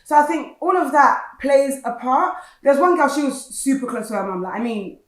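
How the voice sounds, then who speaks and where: A woman's voice: high-pitched, expressive, reverberant. A young woman from an African community, a podcast co-host talking emphatically and firing questions in casual chat. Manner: emphatic, poses questions rapidly.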